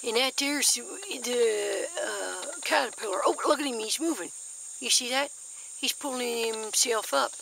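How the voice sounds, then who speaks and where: Folksy woman vlogger, bright and somewhat high-pitched, chatty and easily excited, filming close up outdoors in her garden. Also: measured pace, vocal fry, a little hiss or hum, poor audio. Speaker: nature vlogger. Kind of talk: casual nature walk-and-talk.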